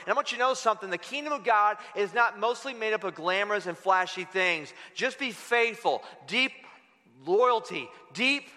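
A man preaching with energy and humor, talking straight to his congregation. His voice is high and bright. It carries through a big, echoing church hall. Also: animated, normal speed. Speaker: pastor. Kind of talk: sermon. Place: church sanctuary. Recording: echoey hall.

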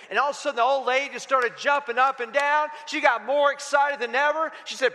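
A male pastor preaching an energetic, folksy sermon, often calling out for responses from his congregation. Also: very high-pitched, fairly quick, hardly any pauses, big-room sound.

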